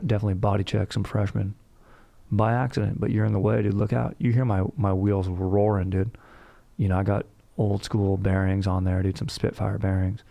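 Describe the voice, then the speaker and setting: A man's voice: on the low side, vocal fry, mellow. Hyped guy saying dude. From Orange County, California. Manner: hyped, slangy, says dude constantly, swears casually. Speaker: podcast host. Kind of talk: casual storytelling podcast.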